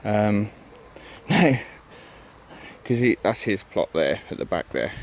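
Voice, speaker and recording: A low-pitched man talks casually as he walks around his allotment, drifting from one thing to the next with plenty of ums and "you know what I mean." He is recorded outdoors, with a faint hiss of open air behind him. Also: big pitch swings, takes it slowly, creaky. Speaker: allotment vlogger. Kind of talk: casual walk-and-talk vlog.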